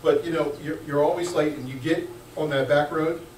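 A man preaching a sermon as pastor, lively and joking, swinging between hushed asides and loud bursts. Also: a little high, moderate pace, slight background noise. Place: church sanctuary. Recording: echoey church room, mic at a distance.

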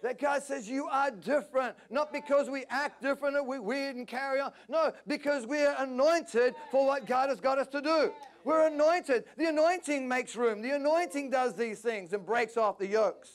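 A man preaching a passionate sermon at a church service, climbing to near-shouts. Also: very high-pitched, normal speed, few pauses. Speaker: pastor.

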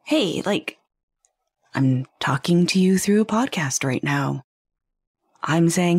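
A woman's voice: lowish voice, lively intonation, takes it slowly, long pauses, husky, dry recording, studio quality. A woman hosting a podcast, talking earnestly in a conversational way and posing rhetorical questions to the listener. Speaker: podcast host. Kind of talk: reflective podcast monologue.

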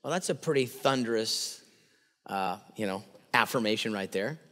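A man preaching a sermon as pastor, animated and acting out quotes with playful voices. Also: lowish voice, normal speed. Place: church sanctuary. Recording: long hall reverb.

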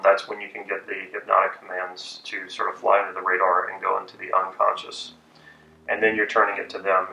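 A man teaching persuasion techniques in a measured, deliberate way with pauses. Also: on the low side, creaky, bright, forceful tone. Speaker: persuasion and hypnosis instructor. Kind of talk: instructional talk. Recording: echoey room, distant from mic.

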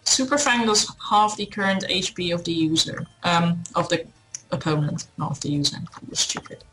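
A woman's voice: fairly low pitch, expressive, normal speed, noisy background. A woman chatting during a video game playthrough, teasing her friend with dry sarcasm. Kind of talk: casual gaming chat.

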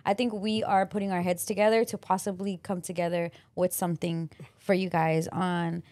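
A woman's voice: on the low side, flat delivery, moderate pace, darkish tone. Woman podcast co-host, casual chatter, easy laughs, loose swearing. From Los Angeles. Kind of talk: casual chat.

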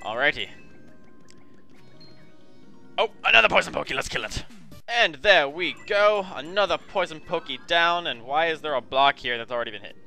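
A man's voice: fairly high pitch, lively intonation, moderate pace, vocal fry, pauses often, bright, forceful tone, soft background music. A man giving chatty video game commentary, often calling viewers his friends and apologizing for what he says. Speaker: let's play host.

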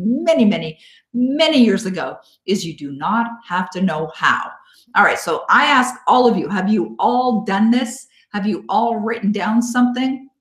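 A woman hosting a live online coaching webinar, encouraging and upbeat, thanking listeners by name and slowing down to guide them. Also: mid-range voice. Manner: slow, coaxing guidance in visualization parts. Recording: echoey room.

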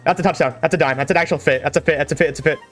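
Excitable gamer man, slightly high voice. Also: very fast, soft background music. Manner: excitable, trash-talking, self-mocking gamer banter. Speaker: gaming YouTuber. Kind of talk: live gameplay commentary.

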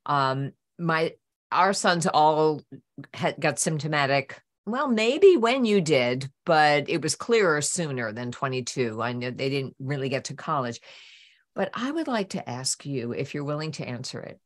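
An older woman from New York who co-hosts a podcast as a mother, asking questions gently and hesitantly, with fillers. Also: deep voice, lively intonation, unhurried. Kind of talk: conversational interview.

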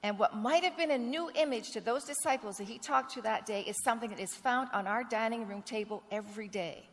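A woman's voice: on the high side, brisk. Woman pastor preaching in a reverberant church. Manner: earnest storytelling, acts out quoted dialogue. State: clearing a rough throat. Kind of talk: sermon. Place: church sanctuary. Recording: long reverb of a church sanctuary.

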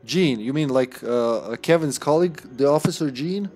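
A man's voice: a little high, animated, moderate pace, darkish tone. A man from the American Midwest streaming a game live, joking crudely and laughing often as he plays. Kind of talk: casual gaming stream chat.

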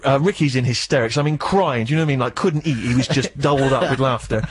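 A man hosting a radio show, telling a comic story in an animated, self-mocking way that jumps up into indignant squeaks. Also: quick pace, husky. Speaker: radio host.

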